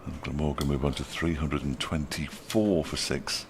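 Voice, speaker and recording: A man's voice: a bass voice, fairly even intonation, moderate pace, creaky, a little hiss or hum. A middle-aged man giving ball-by-ball cricket commentary, with dry, wry asides between deliveries.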